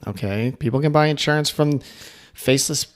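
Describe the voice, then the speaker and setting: A man's voice: fairly high pitch, fairly quick. Middle-aged male podcast host, casual coaching tone, friendly sales-tips delivery. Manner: upbeat, coaching, full of fillers and asides.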